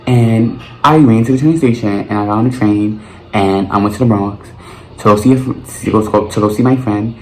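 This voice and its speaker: Animated young New man telling stories. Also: fairly low pitch, moderate pace. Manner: animated, profane storytelling with lots of slang. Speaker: vlogger. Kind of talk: storytime monologue. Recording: roomy with faint noise.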